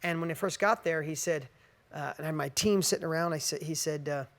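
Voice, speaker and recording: A middle-aged man with a slightly higher than usual voice tells a personal story to an audience of listeners. He speaks earnestly and with feeling. He acts out the conversations he recounts as he goes. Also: fairly quick, vocal fry, fairly bright tone. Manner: earnest and emotional, acting out quoted dialogue. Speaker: motivational speaker.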